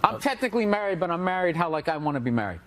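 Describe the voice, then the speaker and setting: A man chatting in an interview, joking and ranting in an animated way. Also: high-pitched, racing. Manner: joking, profane, animated rant. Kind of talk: casual interview chat.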